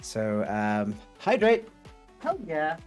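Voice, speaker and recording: A man's voice: a little high, huge pitch swings, slow, soft background music. Upbeat streamer man thinking aloud. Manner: rambling, upbeat, thinks aloud and reads chat. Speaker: livestream host. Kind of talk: casual livestream chat while coding.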